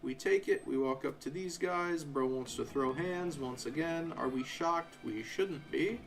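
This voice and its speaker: High-voiced young man ranting over gameplay. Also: measured pace, faint music behind. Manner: ranting, sarcastic, animated asides. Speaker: game streamer. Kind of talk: casual live playthrough commentary.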